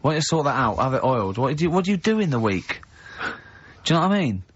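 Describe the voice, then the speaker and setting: An English man hosting a radio show who teases his co-hosts and laughs a lot. His voice sits in a middle pitch, and the recording sounds a little dull and lo-fi, like an old radio show. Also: sing-song, fast talker, a little hiss or hum. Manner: teasing, laughs often, acts out other people's voices in stories. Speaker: radio host. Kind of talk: casual radio banter.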